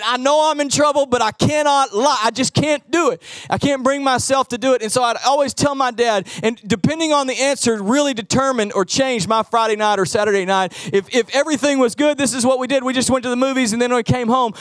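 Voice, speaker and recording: A middle-aged man preaching a sermon as pastor, telling animated stories and acting out the voices in them. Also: extremely high pitch, no echo, clean studio sound. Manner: animated storytelling, acts out quoted voices.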